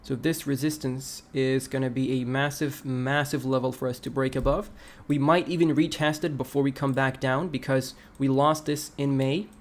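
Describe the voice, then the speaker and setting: A man's voice: mid-range voice, normal speed, few pauses. Man talking crypto charts on a livestream. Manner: relaxed, talks through charts, reads chat aloud. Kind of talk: casual livestream chart analysis.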